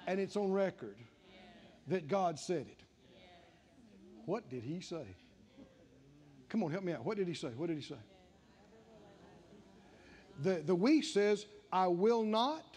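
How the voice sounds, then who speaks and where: A man with a strikingly high voice preaches a sermon, his pitch leaping up and down as he builds. He keeps repeating phrases and calling on the congregation to respond. He comes across as a pastor in full flow. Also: animated, a little slow, pauses often, darkish tone. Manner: call-and-response preaching, repeating lines with rising emphasis. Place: church sanctuary with congregation.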